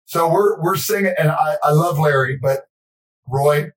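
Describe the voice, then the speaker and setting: A man's voice: a little high, a little slow, far from the mic. A man hosting a casual chat, hesitant and often chuckling. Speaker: host.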